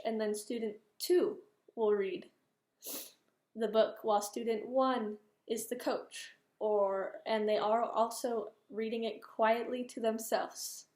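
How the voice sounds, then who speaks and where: A young woman teaching a reading lesson, explaining steps to students in a clear, patient way. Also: on the high side, a little mellow, echoey room. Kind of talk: classroom lesson, micro-teach practice.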